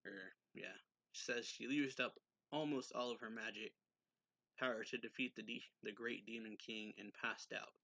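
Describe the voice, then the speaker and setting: A man's voice: on the low side, fairly even intonation, normal speed, sharp tone, no echo. A man casually recapping a manga chapter, rambling along with lots of filler words and an offhand manner.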